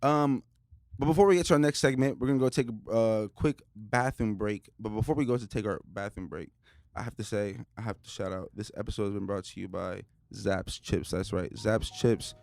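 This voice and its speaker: A man's voice: fairly low pitch, vocal fry, dry recording, studio quality. A man hosting a casual podcast, joking around and swearing freely. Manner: joking, swearing, quick asides. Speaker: podcast host.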